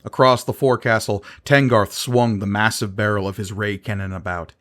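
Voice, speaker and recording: Low-voiced man narrating a fantasy audiobook. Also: fairly even intonation, fairly bright tone. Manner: measured, dramatic reading.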